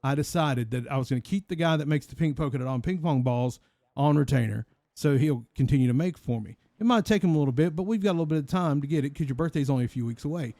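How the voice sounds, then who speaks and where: A man with a slightly high voice spins a long, rambling tale in character during an online role-play game. He keeps a deadpan delivery and circles back to the same phrase again and again. The sound is dry and close, with no room around it. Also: fast, no room sound. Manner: long-winded, deadpan, repetitive shaggy-dog telling. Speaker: role-play gamer telling an in-character story.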